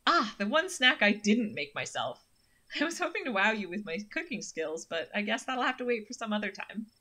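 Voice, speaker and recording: A woman's voice: mid-range voice, big pitch swings, a little fast, sharp tone. A woman voicing a friendly, chatty young female hiker in a horror game.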